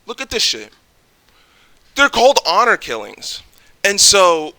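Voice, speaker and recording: A man's voice: high-pitched, very animated, normal speed, bright, forceful tone. A man vlogging, telling a story casually and rambling with a lot of swearing. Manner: profane, rambling, with lots of fillers. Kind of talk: casual storytelling reaction video.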